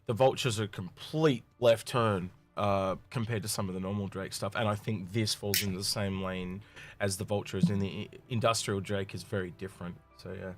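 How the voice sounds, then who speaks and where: A man's voice: on the low side, steady tone, moderate pace. A man hosting a casual chat, friendly and steering the conversation. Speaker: host.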